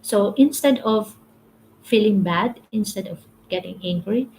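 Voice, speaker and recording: Slow, halting woman leading a devotional. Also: medium pitch, a little mellow, a little hiss or hum, low-quality recording. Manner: halting, repeats words, reads viewer comments. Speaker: devotional livestream host. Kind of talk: casual devotional teaching.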